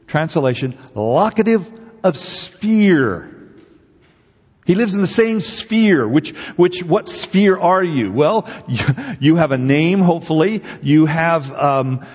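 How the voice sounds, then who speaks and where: A man's voice: a little high, a little mellow, slightly rough. A man preaching a sermon as pastor, speaking emphatically and conversationally, with many rhetorical questions to the congregation. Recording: dull audio with long hall reverb.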